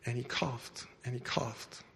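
A man preaching to a congregation, telling a story with loud bursts and quiet asides. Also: medium pitch, fairly even intonation, a little slow, creaky, breathy edge. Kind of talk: sermon storytelling. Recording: long hall reverb.

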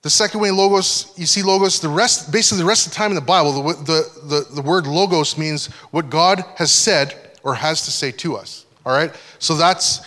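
A man's voice: fairly high pitch, pushed and bright. Man preaching in a reverberant hall. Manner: conversational teaching, frequent check-ins with listeners. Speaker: pastor. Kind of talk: sermon. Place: church hall.

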